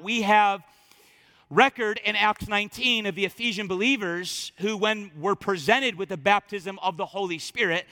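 Middle-aged male pastor, high bright voice, casual storytelling sermon, long church reverb. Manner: conversational storytelling, animated quoted voices. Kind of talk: sermon with personal stories. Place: church sanctuary. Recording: long reverb of a large hall.

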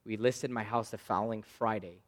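A man in his thirties preaching a sermon, telling a personal story with loud bursts and quiet asides. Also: on the low side, fairly even intonation, a little fast, long reverb tail. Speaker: pastor.

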